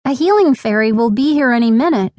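A woman doing an excitable young girl. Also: on the high side, fast, dry recording, natural voice. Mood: hurried. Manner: exclamatory, eager. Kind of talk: storybook character voice. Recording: dry studio recording.

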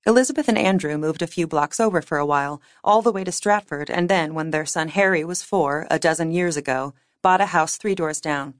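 A woman reading fiction aloud as an audiobook narrator, with measured, wry storytelling. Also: sits low, no echo, studio quality. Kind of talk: scripted narration.

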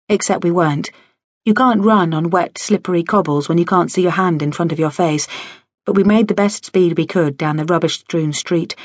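A woman narrating a novel in the first person with a wry, lively storytelling manner. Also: deep voice, dry recording. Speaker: audiobook narrator. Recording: dry studio audio.

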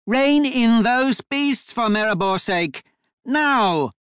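Brief: man doing a high, shrill, impulsive duchess for an audiobook, bossy and gushing. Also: expressive, unhurried, a bit bright, no echo, clean studio sound. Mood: commanding. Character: impulsive heavy-set noblewoman duchess, excitable. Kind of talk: audiobook character voice.

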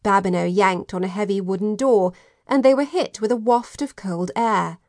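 A woman with a medium-pitched voice narrates an audiobook from a script, telling the story in a measured, even way. The sound is clean studio audio with no room sound.

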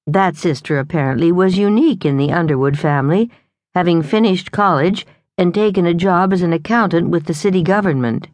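A woman narrating a novel in a measured, even storytelling manner, close to the microphone. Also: fairly low pitch, dry recording. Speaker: audiobook narrator. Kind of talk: scripted narration.

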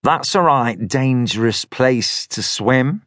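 An actor voicing a wry, stocky northern man with a thin, nasal northern English accent who speaks slowly and teasingly. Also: medium pitch, expressive, fairly bright tone, dry recording, clean studio sound.

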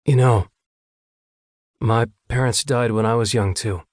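A male audiobook narrator voicing a young ranch hand who wakes drowsy and turns quick and concerned, in a close, dry reading. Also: mid-range voice, fairly even intonation, darkish tone, no echo, close to an everyday voice. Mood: gentle. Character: young man, sleepy startled ranch hand. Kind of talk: audiobook dialogue.

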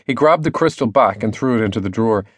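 A man narrating a children's novel as an audiobook, lively storytelling with many character voices. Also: lowish voice, fast talker, no echo.

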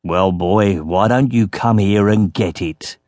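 A male narrator voicing a gruff, menacing warrior sailor who speaks in a low purr. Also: slow pace, dry recording, natural voice. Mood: taunting.

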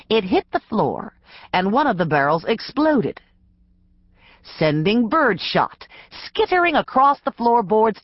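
A woman narrating a mystery audiobook in a measured, expressive storytelling style. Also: lowish voice, dry recording, dull audio.

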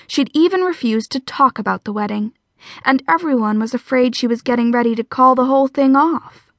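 A woman narrating a romance audiobook in a steady, even storytelling voice. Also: sits high, fairly quick, no room sound. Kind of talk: scripted narration.

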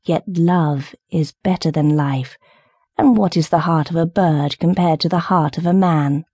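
Brief: woman voicing a small pleading nightingale, high and earnest, mellow tone, dry audiobook sound. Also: measured pace, husky, dry recording, heavily acted. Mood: wistful. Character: small brave female nightingale, longing and pleading. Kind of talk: audiobook character reading.

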